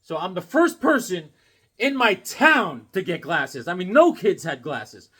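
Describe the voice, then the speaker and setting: A man in his fifties showing off his comic books in a casual joking vlog, acting out voices with sudden loud outbursts. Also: high-pitched, sing-song, unhurried, breathy edge.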